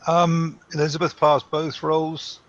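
A man's voice: fairly high pitch, monotone, measured pace, muffled recording, a little hiss or hum. A man playing a tabletop game, speaking hesitantly and repeating words. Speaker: player.

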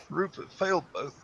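Bright-toned hesitant player, lo-fi. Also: male voice. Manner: hesitant, repeats words. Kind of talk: tabletop game play.

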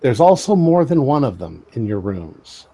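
Husky, mellow-voiced man running a game. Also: mid-range voice. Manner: describes scenes in the second person, unhurried and relaxed. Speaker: game master. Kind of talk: narrating a tabletop horror game.

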